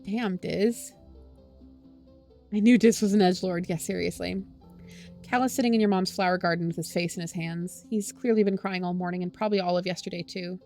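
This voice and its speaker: A woman's voice: fairly low pitch, steady tone, brisk, warm tone, soft background music. A woman streamer reading a story game aloud and reacting with sighs, groans and swearing. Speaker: VTuber streamer.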